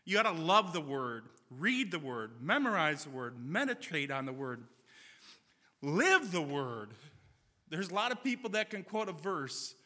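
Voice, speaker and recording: Man, preacher, sermon, very bright voice, earnest storytelling, echoing sanctuary. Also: on the high side, sing-song, unhurried. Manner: earnest, storytelling with quoted dialogue. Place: church sanctuary.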